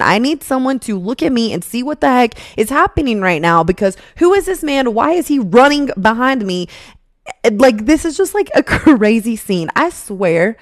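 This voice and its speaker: A young woman in her twenties, a podcast host telling a personal story in a casual, animated way, laughing often and acting out what people said. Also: fairly high pitch, no room sound, studio quality.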